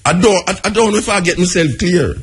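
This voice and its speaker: A Jamaican man hosting a call-in radio show, arguing with callers in a raised, animated voice. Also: high voice, fast, slightly rough. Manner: animated, argumentative, raises his voice. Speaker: radio talk show host. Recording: radio broadcast.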